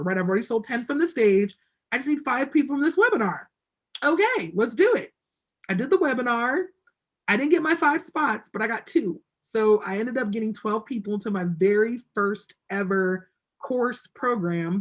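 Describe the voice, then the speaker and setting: A woman at medium pitch tells a story in a relaxed, chatty way, as a guest in an interview. She acts out what other people said to her. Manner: chatty, acts out quoted voices. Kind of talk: casual storytelling on a video call.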